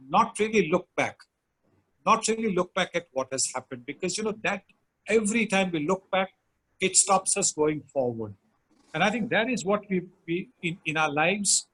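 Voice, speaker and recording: A man's voice: sits high, fairly bright tone, rough recording. An older man, sharing anecdotes and advice as a guest speaker in a webinar chat, with many fillers.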